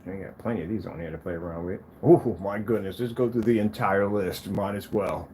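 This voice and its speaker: A man testing and showing off his own projector screens, talking casually to the camera and to himself, proud and quick to defend his product. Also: lowish voice, a little hiss or hum. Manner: animated, talks to himself as he browses.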